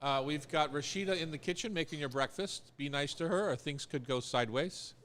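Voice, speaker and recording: A man's voice: a little high, a little fast, fairly bright tone. A man hosting a live radio show in a studio, chatting casually and rambling with fillers. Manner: rambling, easygoing, with many fillers.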